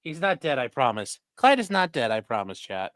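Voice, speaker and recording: Lively, bright-voiced man streaming commentary. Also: medium pitch, normal speed, no room sound, clean studio sound. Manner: profane, chatty, talks to chat and his dog. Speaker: defense attorney streamer reacting to a trial. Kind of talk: casual live-stream commentary.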